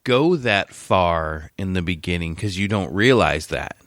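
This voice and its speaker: A man in his thirties co-hosting a podcast, telling crude jokes and animated stories. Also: low voice, a little slow, no room sound, studio quality. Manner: crude joking, animated storytelling. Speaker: podcast co-host. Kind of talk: casual crude chat.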